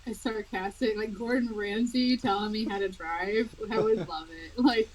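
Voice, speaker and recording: A young adult woman, an author, chatting in a casual interview, animated and quick to laugh. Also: mid-range voice, rough recording. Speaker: author guest.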